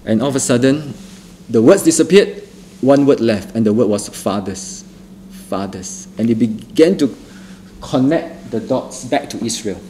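A middle-aged man tells his testimony in a mellow, warm tone, earnest and often repeating a phrase for weight. He stumbles and restarts now and then, and a faint noise lies under his voice. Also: mid-range voice, normal speed. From Singapore. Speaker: testimony speaker. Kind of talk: spoken testimony.

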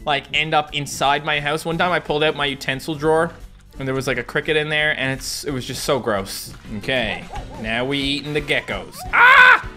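A man's voice: a little high, steady tone, a little fast, bright, forceful tone, soft background music. A young man hosting a let's play, chatting casually and rambling off into asides to his viewers. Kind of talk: casual game commentary.

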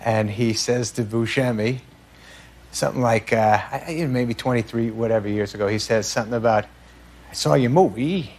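A man's voice: fairly low pitch, normal speed, slight background noise. A man on a talk show telling comic anecdotes, laughing and stumbling over restarts as he goes. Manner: animated, laughing through stories, stammering restarts.

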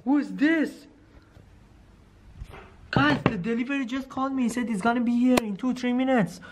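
A man's voice: very high-pitched, moderate pace, noisy background. A man filming a skit, talking to viewers in a jittery, spooked way. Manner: addressing viewers as guys, nervous and spooked. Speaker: video creator filming a skit. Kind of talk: scripted horror skit, talking to camera.

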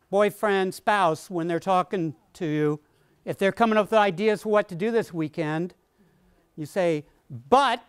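A woman's voice: medium pitch, clean tone, no room sound. A woman leading a workshop lecture, explaining ideas with playful, jokey examples and questions to the class. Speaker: workshop instructor.

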